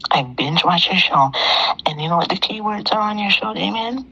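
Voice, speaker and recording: A woman's voice: mid-range voice, expressive, normal speed, sharp tone, husky, lo-fi sound. A middle-aged woman calling in to a talk show, telling a personal story in an emphatic way and repeating phrases for effect. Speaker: caller.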